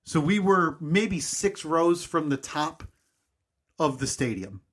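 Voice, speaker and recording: A man's voice: a little high, animated, takes it slowly. A man in his thirties co-hosting a podcast, telling a long story in a casual, rambling, self-mocking way. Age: 30s. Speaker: podcast co-host.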